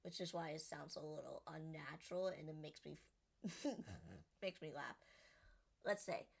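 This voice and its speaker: A woman's voice: deep voice, expressive, moderate pace, creaky, slightly rough. A woman streamer chatting casually and giggling with her chat while playing a game. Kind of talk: casual gameplay commentary.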